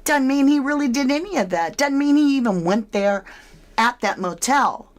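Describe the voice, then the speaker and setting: A woman's voice: sits high, expressive, moderate pace. A woman giving casual, speculative true crime commentary, asking her listeners questions as she goes.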